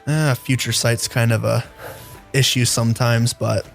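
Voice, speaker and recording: A man voicing a calm older male seer who has not a care in the world. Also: medium pitch, gravelly, faint music behind. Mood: relaxed. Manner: calm, unhurried.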